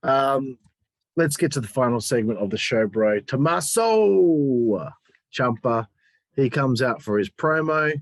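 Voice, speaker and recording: A man co-hosting a podcast, chatting casually and teasing his partner in animated banter. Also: mid-range voice, slow pace, dry recording. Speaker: podcast co-host. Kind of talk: casual wrestling review chat.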